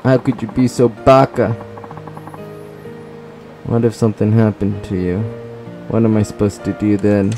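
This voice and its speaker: An upset young woman scolds her boyfriend, read aloud by a man in his ordinary low voice. There is little attempt at a woman's voice, and soft game music plays behind. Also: flat delivery, measured pace, long pauses. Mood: scolding. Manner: reading game dialogue aloud in his own voice.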